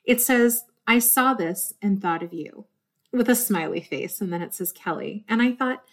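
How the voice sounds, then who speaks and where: A woman's voice: mid-range voice, normal speed. Earnest woman rambling from the heart. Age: adult with a desk job. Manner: warm, earnest, easily moved to tears. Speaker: podcast host.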